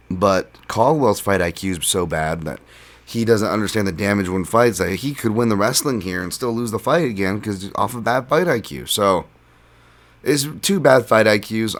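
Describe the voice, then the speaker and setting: A man hosting his own podcast, talking through fight picks alone in a loose, casual way, with frequent ums and restarts. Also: lowish voice. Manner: casual, many fillers and restarts. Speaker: podcast host. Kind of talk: solo sports betting breakdown.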